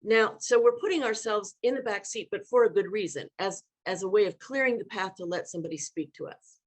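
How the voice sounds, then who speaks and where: Woman, leadership coach, live online workshop, animated, demonstrates tones of voice, middle pitch. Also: fairly quick. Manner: animated, demonstrates vocal inflections.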